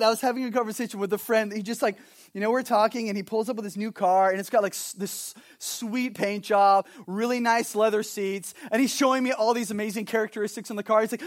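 A man preaching a sermon as pastor, swinging from animated storytelling to hushed, earnest points. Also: high voice, fast talker. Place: Hawaii.

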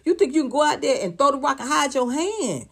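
A woman's voice: sits high, animated, brisk, gravelly. Blunt, profane woman ranting gossip. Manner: blunt, profane, sarcastic, rhetorical questions. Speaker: commentator on celebrity news. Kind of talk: heated celebrity gossip commentary.

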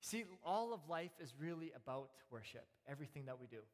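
Male pastor, 30s, slightly high voice, easygoing sermon delivery full of "uh"s and restarts, long church-hall reverb. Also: fast talker. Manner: relaxed storytelling with frequent fillers and restarts. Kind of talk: conversational sermon.

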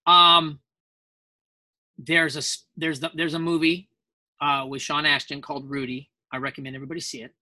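Brief: male voice actor guest on a panel, bright, forward tone, dry close mic, chatty animated storyteller. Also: a little high, normal speed, dry recording. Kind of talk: casual panel interview.

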